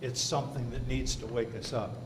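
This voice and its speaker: A man's voice: fairly even intonation, a little fast. A man teaching a Sunday Bible class in a church, earnest and emphatic, reading scripture aloud between his points. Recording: roomy hall reverb, faint rumble.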